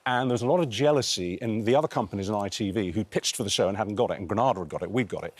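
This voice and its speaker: A man's voice: racing, dry recording. An older man from England with an Essex accent, a guest chatting and telling stories on a morning show sofa. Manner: animated storytelling, lively swoops in pitch. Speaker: guest author. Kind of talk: casual chat.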